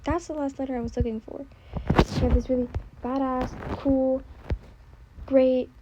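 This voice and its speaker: A young woman in casual, scattered chat, often trailing off, restarting and dropping to soft asides. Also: high voice, flat delivery, measured pace, highs cut off, a little hiss or hum. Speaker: book vlogger. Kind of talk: casual rambling chat while gaming.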